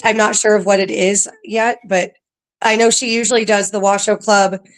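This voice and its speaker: A woman's voice: mid-range voice, flat delivery, normal speed. Chatty woman full of ums. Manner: chatty, laughs often, filler-heavy. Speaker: paranormal museum staff guest. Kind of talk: casual podcast interview.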